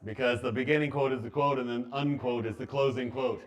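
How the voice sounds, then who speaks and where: A man's voice: mid-range voice, fairly even intonation, a little fast. A man teaching a math class to students, talking in a joking, offhand way.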